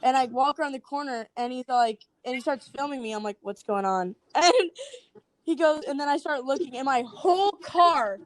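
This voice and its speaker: A young woman guest, a TikTok creator, speaks at a moderate pace in a high-pitched voice with no echo. Telling prank stories on a casual podcast, she's giggly and animated, often imitating her friends' lines.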